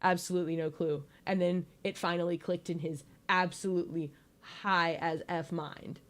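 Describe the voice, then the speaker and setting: Young woman, slightly low voice, playful, giggly, casual presentation. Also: fairly even intonation, normal speed, fairly bright tone. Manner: playful, giggly, lots of fillers. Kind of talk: casual comedic slideshow presentation.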